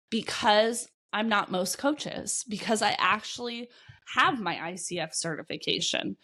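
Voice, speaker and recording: Fired-up woman coach, coughing from a cold. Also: medium pitch. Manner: energetic, blunt, swears casually. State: getting over a cold, coughing. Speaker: business coach and podcast host. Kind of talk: solo podcast monologue.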